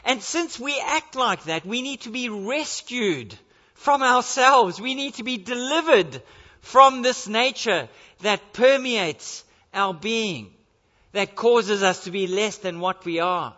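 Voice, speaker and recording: A male pastor preaches an earnest sermon in a church, his high voice animated, pushed and bright but slow-paced. He presses his points with repeated rhetorical questions, and the sound is dull and lo-fi with a long church reverb.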